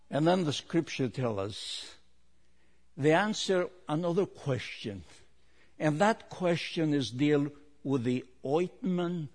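A man preaching a sermon, rising to loud emphatic peaks and dropping low, with repeated rhetorical questions. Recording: long hall reverb.

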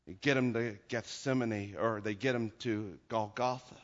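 A man preaching a sermon, dramatic and storytelling, dropping low for grim details and shouting at the climaxes. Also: steady tone, moderate pace. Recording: lo-fi recording with long hall reverb.

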